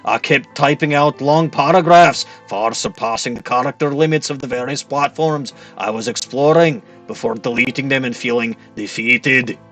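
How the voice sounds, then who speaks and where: A man's voice: medium pitch, normal speed, few pauses, a bit bright, faint music behind, natural voice. A man doing a put-on Scottish accent, playing a hot-tempered, boozy Scotsman with tarot magic, rolling his words and dropping in "laddie" and "aye". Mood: boastful. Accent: put-on Scottish accent, admittedly poor. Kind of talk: let's-play character voice.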